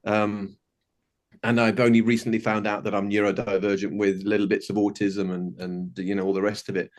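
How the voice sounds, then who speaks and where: Fifties man, video call from home, warm rambling storyteller, frequent restarts. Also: fairly low pitch, little pitch movement, a little fast. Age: 50s. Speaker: participant sharing a story. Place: home bedroom.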